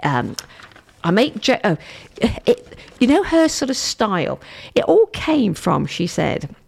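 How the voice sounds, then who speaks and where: Gravelly, lively woman radio host. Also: medium pitch, slow. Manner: chatty, rambling, repeats herself and restarts often. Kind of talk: casual radio chat. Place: radio studio.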